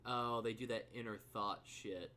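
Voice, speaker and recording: A man's voice: on the low side, moderate pace. A man streaming a game, chatting loosely and swearing freely as he reads the story narration aloud. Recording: steady background noise.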